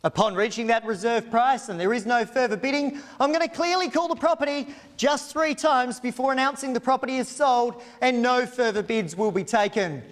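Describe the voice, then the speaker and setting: A man working as an auctioneer, reading out auction terms and pitching a property with confident, formal, fluent patter. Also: normal speed, hardly any pauses. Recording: long hall reverb.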